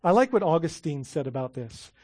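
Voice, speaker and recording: A man preaching a sermon as a pastor, animated, often restarting words and laughing as he talks. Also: on the high side, brisk, slightly rough, no echo, studio quality.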